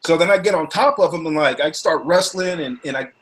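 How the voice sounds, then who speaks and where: A man telling a rowdy story in casual chat, animated and profane, acting out what others said. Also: on the high side, a little fast.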